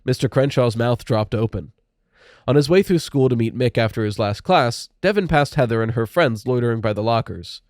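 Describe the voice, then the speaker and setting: A man narrating a spooky young-adult audiobook in a steady, measured way. His pitch sits in an ordinary middle range. The recording is dry and close, with no room sound. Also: no room sound.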